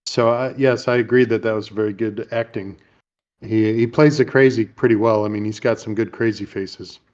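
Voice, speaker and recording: A man's voice: fairly low pitch, steady tone, a little mellow, muffled recording. A man hosting a casual chat, retelling movie scenes in a rambling way and briefly voicing the characters. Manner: rambling, retells scenes with quick put-on lines. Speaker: podcast host.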